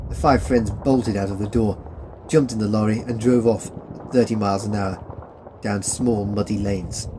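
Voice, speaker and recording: A man narrates a long war story as an audiobook in a plain, steady reading. His voice sits low. A faint hiss runs under the recording. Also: normal speed, rough recording.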